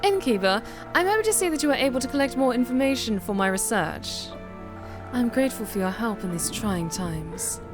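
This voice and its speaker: A woman voicing a pompous, self-important female high cleric investigator, speaking formally and grandly. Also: lively intonation, a little fast, over music, lightly acted. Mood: formal, self-assured.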